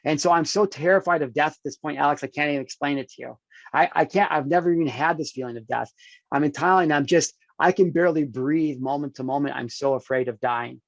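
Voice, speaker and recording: A man's voice: a little high, no room sound, dull audio. A man in his thirties, a podcast guest, telling a personal story with intensity, often addressing the host with "dude" and "check this out". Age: 30s.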